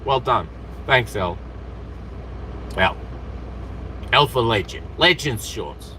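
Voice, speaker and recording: An excitable Australian man rambles to camera outdoors, his voice swinging up and down as he jumps from topic to topic. Steady street noise and passing cars sit behind him. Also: medium pitch, slow pace, rough recording. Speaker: vlogger.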